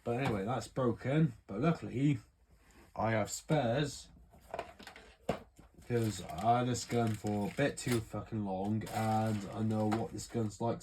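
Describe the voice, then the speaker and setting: A man's voice: fairly low pitch, noisy background. A man from the UK giving a rambling, sweary, offhand how-to walkthrough of a gun repair. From United Kingdom. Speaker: airsoft hobbyist showing a repair. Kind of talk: casual how-to chat.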